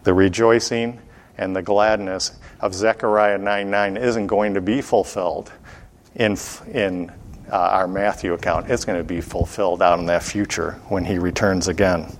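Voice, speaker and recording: A man's voice: deep voice, steady tone, moderate pace. A man teaching the Bible verse by verse. He keeps asking the listeners questions and answering them himself, and his voice rises when he reads scripture aloud.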